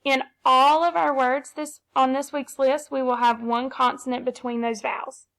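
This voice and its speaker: A woman's voice: high-pitched, level tone, moderate pace, vocal fry, a bit bright. A woman teaching a phonics lesson to young children, patiently sounding out each syllable and blending it into a word.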